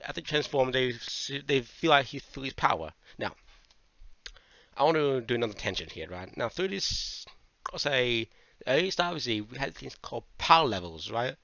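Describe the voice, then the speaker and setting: A man giving a casual manga review, animated, swearing freely and going off on tangents. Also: mid-range voice, normal speed, gravelly, dry recording. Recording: dull lo-fi dry mic.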